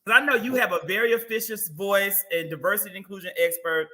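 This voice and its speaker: A man guest-hosting a chat show, with a high, very bright and sharp voice. He talks in animated, teasing bursts of banter. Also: fast. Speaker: guest host. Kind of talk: casual chat.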